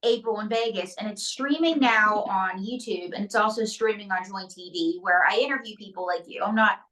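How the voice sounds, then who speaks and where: A woman ventriloquist as an interview guest, telling quick, jokey stories. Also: mid-range voice, sharp tone, far from the mic, low-quality recording. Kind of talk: comedic interview chat.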